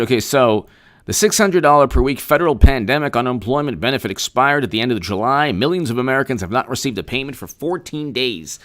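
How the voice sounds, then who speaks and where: This is a man hosting a live political commentary show. He reads the news, then drifts into sarcastic, rambling asides full of restarts. His voice is bright and pushes forward with force. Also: mid-range voice. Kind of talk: live-streamed political commentary, reading news and thanking chat.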